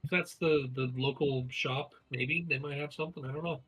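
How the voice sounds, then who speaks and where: Male game master, husky and bright, hesitant narration. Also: on the high side, fairly even intonation, normal speed, low-quality recording. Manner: hesitant, searching for words.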